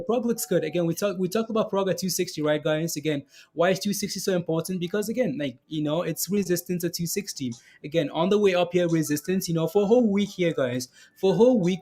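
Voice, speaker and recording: A man's voice: high-pitched, darkish tone. A man giving casual live-stream commentary on stock charts, chatty and repetitive, often asking "right, guys?" and reading viewer comments aloud.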